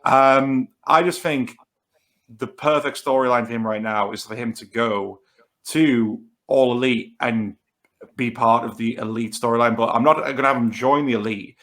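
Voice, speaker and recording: North east english guy on a podcast, mid-pitched voice, rambling through his pick and restarting bits. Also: moderate pace, a bit bright. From North East England. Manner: talks through a pick at length, restarting phrases. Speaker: podcast co-host. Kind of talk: casual podcast chat.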